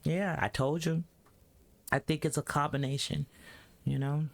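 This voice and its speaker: A man's voice: on the high side, steady tone, unhurried, creaky. Laid-back man giving reaction advice. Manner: laid-back, advice-giving, keeps saying "you know what I'm saying". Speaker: podcast host reacting to a clip. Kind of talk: casual reaction commentary.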